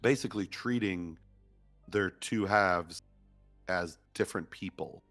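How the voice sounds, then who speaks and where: A man's voice: deep voice, unhurried, fairly bright tone, no echo, soft background music. A man co-hosting a podcast, chatting casually and rambling as he loses his train of thought. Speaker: podcast co-host. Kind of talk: casual chat.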